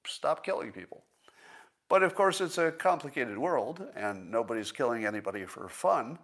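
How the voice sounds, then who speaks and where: A man hosting a livestream in a casual commentary style, thinking aloud and slowing down to stress his points. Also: mid-range voice, big pitch swings, a bit bright. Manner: conversational, thinks aloud with restarts and small laughs. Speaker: livestream host.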